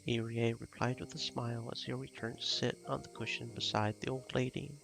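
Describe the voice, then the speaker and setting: Gravelly man narrating a visual novel. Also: mid-range voice, level tone, brisk, hardly any pauses, fairly bright tone, faint music behind. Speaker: streamer reading a visual novel.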